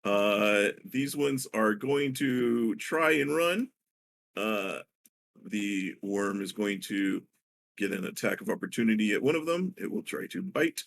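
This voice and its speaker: A man narrating as dungeon master of a tabletop game, halting with many filler pauses. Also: lowish voice, lively intonation, gravelly, a bit bright, a little hiss or hum.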